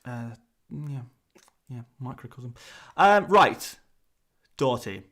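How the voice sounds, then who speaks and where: An English man chats to his viewers on a live stream in a loose, rambling way. His voice is animated and swings widely in pitch, jumping high when he gets worked up. The delivery is casual and unscripted, full of restarts. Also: slow pace. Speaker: fantasy football streamer.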